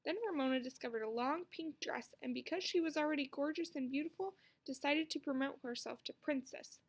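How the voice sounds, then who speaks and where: A woman reading a children's book aloud with expressive storytelling. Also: sits high, vocal fry. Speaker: narrator.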